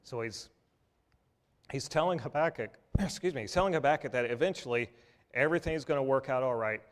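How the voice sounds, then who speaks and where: A man's voice: medium pitch, fairly quick. A man preaching a sermon in a church in a conversational, folksy way, with restarts and asides.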